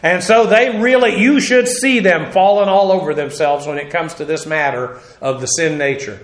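A man's voice: on the high side, moderate pace. A man preaching an expository Bible sermon, emphatic and conversational with dry humorous asides. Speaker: pastor. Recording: echoey room.

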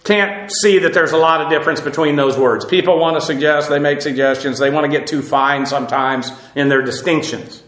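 A man's voice: fairly high pitch, fairly quick, few pauses, fairly bright tone, roomy sound, poor audio. A man preaching a verse-by-verse sermon, earnest and emphatic, with frequent uhs and repeated words. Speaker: Bible teacher.

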